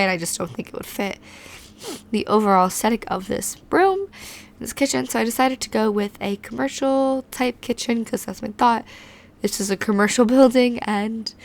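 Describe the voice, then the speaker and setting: A hoarse woman, recovering from being sick, hosting a video with a chatty, rambling voice-over recorded on a home mic. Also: on the high side. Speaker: host. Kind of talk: casual voice-over narration.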